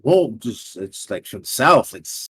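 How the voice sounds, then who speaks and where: A man runs a tabletop game as game master, narrating casually and filling gaps with many small fillers. His pitch rises and falls a great deal. The sound is dry and close. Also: very animated, unhurried, fairly bright tone, breathy edge, no echo.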